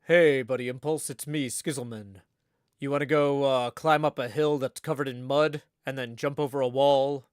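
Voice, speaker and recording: Guy doing a goofy puppet dude, lower than his normal voice, dry close sound, kinda halting. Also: steady tone, smooth, dry recording, natural voice. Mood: eager. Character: goofy male puppet pal, a fake-British gamer.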